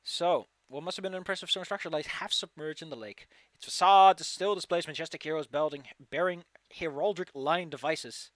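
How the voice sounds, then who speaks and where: A man's voice: a little high, brisk, hardly any pauses, a bit bright, dry recording. A man running an online tabletop game as game master, loose and rambling, often restarting and swearing casually.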